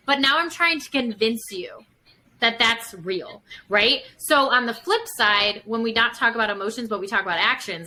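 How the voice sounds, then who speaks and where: On a low-quality recording with slight background noise, a woman psychotherapist speaks casually as a podcast guest. She's chatty, leans on fillers, and acts out examples as she explains. Her voice is medium-pitched with a sharp tone.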